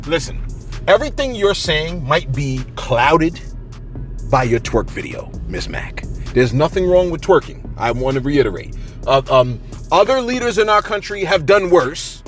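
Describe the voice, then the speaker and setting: Animated man hosting celebrity gossip. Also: a little high. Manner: animated, joking, slangy asides. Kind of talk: casual celebrity commentary.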